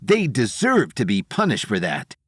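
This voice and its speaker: A man's voice: medium pitch, wildly swooping pitch, moderate pace, a bit bright, slightly rough, faint music behind, full character voice. A man voicing a bitter, cruel middle-aged aunt who scolds in an audio drama.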